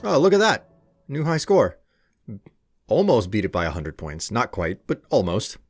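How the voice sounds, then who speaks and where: Low-voiced man rambling over gameplay. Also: wildly swooping pitch, moderate pace. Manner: rambling, hesitant, wry. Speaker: let's play host. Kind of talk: casual gameplay commentary. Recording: game music in background.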